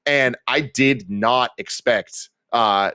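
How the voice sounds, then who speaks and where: A man co-hosting a podcast, sharing trivia and relaxed opinions about a movie. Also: medium pitch, slow, clean tone, no echo, clean studio sound. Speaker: podcast co-host. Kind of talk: casual movie review chat.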